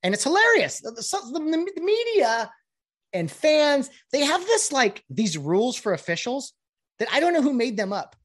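A man riffs on sports officiating in a sarcastic, animated monologue, slipping into mocking impressions of other people. His pitch jumps around constantly. The recording is dry, with no room echo. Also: moderate pace. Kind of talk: casual opinion monologue.

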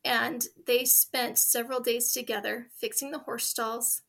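A woman's voice: a little high, level tone, measured pace, vocal fry, a bit bright. A woman in her forties, a guest in a conversational interview, telling heartfelt stories in an earnest way.

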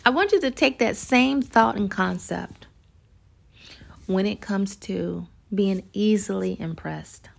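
A woman hosts a casual podcast in a relaxed, conversational way, with a gravelly fry running through her voice. She talks straight to the listener and slips into short acted-out scenes to make her point. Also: mid-range voice, slow. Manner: conversational, animated, acts out little scenes. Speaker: podcast host. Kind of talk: casual podcast monologue giving dating advice.

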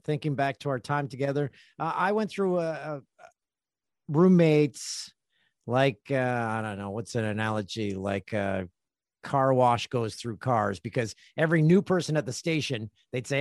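A man's voice: medium pitch, moderate pace, dry recording, studio quality. A man hosting a podcast, a joking, rambling storyteller in casual chat. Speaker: podcast host.

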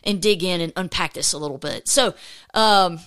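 A woman's voice: lowish voice, normal speed, fairly bright tone, clean tone. A woman hosting a casual faith podcast, upbeat and chatty, rambling with many restarts. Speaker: podcast host.

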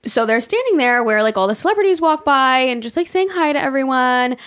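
A woman's voice: high voice, lively intonation, a little fast, a bit bright, no room sound, studio quality. A young woman co-hosting a podcast, talking in a chatty, rambling way and swearing freely. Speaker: podcast co-host. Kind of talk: casual podcast chat.

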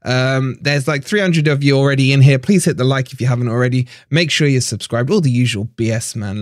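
A man's voice: mid-range voice, a little fast, no room sound, clean studio sound. A man hosting a fan channel live stream, ranting in frustration, swearing and repeating himself.

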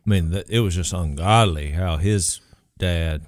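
A middle-aged co-host telling stories in a casual chat with an animated delivery. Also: male voice, low-pitched, measured pace, dry recording, studio quality. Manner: animated storyteller who laughs easily.

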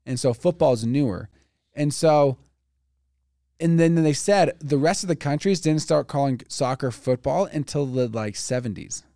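A man's voice: a little high, unhurried, warm tone, dry recording, studio quality. A man co-hosting a casual podcast chat, rambling and thinking aloud with fillers. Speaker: podcast co-host.

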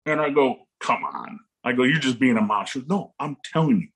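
A man in his forties from Illinois, a guest telling casual stories about his daughter's recruiting, acting out quotes with sudden jumps in pitch. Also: fast talker, breathy edge. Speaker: guest, parent of a volleyball recruit. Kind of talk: casual storytelling.

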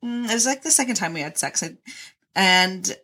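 A woman's voice: mid-range voice, animated, moderate pace, pushed and bright, breathy edge. A young woman in frank casual chat, blunt and profane, laughing often.

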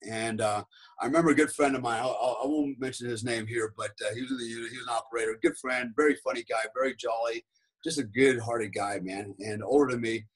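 A man's voice: medium pitch, fairly even intonation, quick pace, breathy edge, low-quality recording. A man, a podcast guest and former special forces soldier, telling a rambling story in casual talk, peppered with "right?" and "man".

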